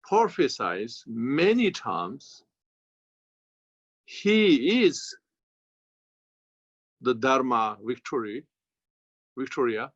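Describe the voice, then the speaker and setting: A man with a Tibetan accent, a Buddhist teacher giving a slow, halting dharma commentary in non-native English. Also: mid-range voice, very animated, slightly rough, no echo. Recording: dull, lo-fi sound.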